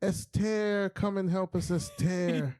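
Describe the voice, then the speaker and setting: A man voicing a frantic woman who begs for help, in a high, urgent voice. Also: takes it slowly, warm tone. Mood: pleading. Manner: pleading, urgent.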